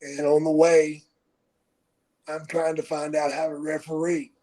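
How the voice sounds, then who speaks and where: A man in his sixties telling stories from his own life on a podcast, unhurried and swearing freely. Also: a little high, monotone, mellow, low-quality recording. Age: 60s. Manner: profane, unhurried storyteller. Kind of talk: casual storytelling.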